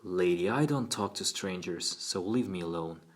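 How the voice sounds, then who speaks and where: A man's voice: deep voice, animated, measured pace, fairly bright tone. A man voicing a sullen, arrogant sixteen-year-old boy who answers curtly and with hostility. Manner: curt and hostile.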